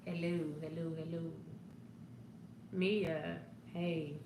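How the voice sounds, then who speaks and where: A woman chats slowly and loosely on a casual livestream, greeting viewers one by one, filling pauses with ums. Her voice sits a little low and easy. The room is echoey, with a faint hum of background noise behind her. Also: steady tone. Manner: laid-back, warm greetings, frequent laughs and ums. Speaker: life coach hosting a livestream.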